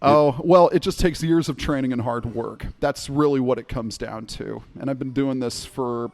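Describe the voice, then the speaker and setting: A man talking as a podcast guest about his voice acting work, in an easy and animated way. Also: mid-range voice, moderate pace, vocal fry. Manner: animated, slips into playful accents. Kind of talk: casual interview chat. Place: remote interview, podcast.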